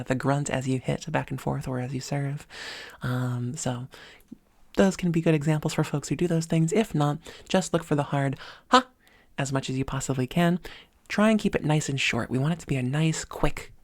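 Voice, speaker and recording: A woman's voice: rumbling low, a little mellow, no echo. A woman voice coach talking at a desk microphone, explaining exercises step by step in an upbeat way. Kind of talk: spoken voice lesson.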